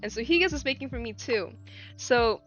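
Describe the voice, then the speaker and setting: A woman's voice: on the high side, animated, moderate pace, a bit bright. A young woman livestreaming, chatting casually and telling a story with many fillers and restarts. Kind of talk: casual chat. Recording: dull lo-fi stream audio with faint music.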